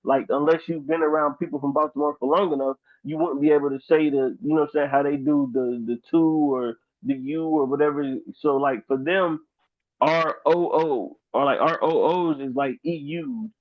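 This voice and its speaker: Man from dayton, tinny phone-like audio, dry close sound, animated rambling casual chat, fairly high voice. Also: normal speed, no room sound. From Dayton, Ohio. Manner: animated, rambling, lots of fillers. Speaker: podcast co-host.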